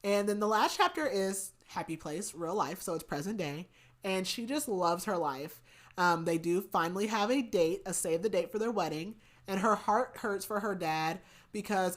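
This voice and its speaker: A woman co-hosting a book podcast, casually retelling a novel's plot with lots of "like" and "um". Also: fairly low pitch. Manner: chatty retelling with many likes and ums. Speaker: podcast co-host.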